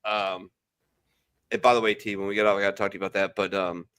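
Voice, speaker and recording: A man's voice: fairly low pitch, flat delivery, fast, a bit bright, clean tone. A man hosting a casual online chat among veterans, blunt and profane, rambling through his opinions over a video call. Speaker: podcast host. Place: home, virtual call.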